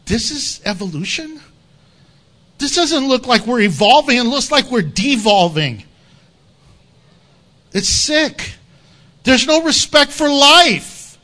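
Guy preaching, fired up and emphatic, high bright voice. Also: big pitch swings, slow pace, pauses often. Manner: impassioned, emphatic, conversational. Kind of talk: expository sermon.

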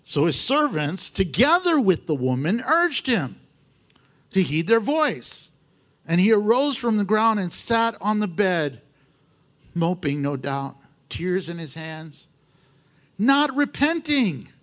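A man preaching a sermon in a folksy, expressive way, teaching through a scripture passage. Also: high voice, slow. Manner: expressive, folksy, laughs often.

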